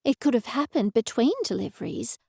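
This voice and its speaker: A woman voicing a stressed middle-aged waitress who talks in a hushed, confiding way. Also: a little high, expressive, a little fast, creaky, husky, dry recording, clean studio sound, exaggerated voice.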